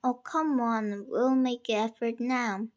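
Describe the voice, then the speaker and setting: A woman reading aloud, voicing an anxious mother who fusses and gently scolds her daughter, sometimes slipping into a soft whisper. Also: on the high side, fairly even intonation, slow. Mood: worried.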